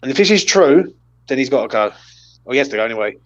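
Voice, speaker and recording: A man's voice: medium pitch, animated, fast, highs cut off. A man hosting a casual post-match chat, blunt and sweary as he leads the player ratings. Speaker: host of a football fan channel.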